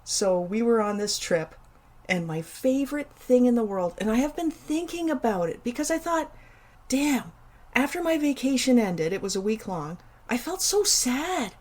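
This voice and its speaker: A woman's voice: fairly high pitch, animated, moderate pace, a little mellow. A middle-aged woman from Canada, hosting a casual solo show and chatting animatedly through a personal story with playful emphasis and asides. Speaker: podcast host.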